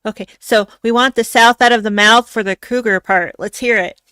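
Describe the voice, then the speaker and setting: A woman's voice: fairly high pitch, fairly even intonation, normal speed, pushed and bright, clear, resonant tone, no room sound. A woman host from Florida, chatting casually and giggling, with many fillers. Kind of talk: casual interview chat.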